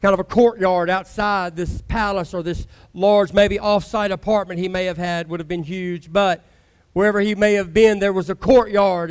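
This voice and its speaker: Man, pastor, very high voice, conversational sermon, emphatic, dramatic pauses. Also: clean tone.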